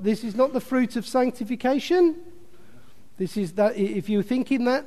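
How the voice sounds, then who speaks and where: A man preaching a sermon, lively and emphatic, joking with asides to the congregation. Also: high-pitched. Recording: long hall reverb.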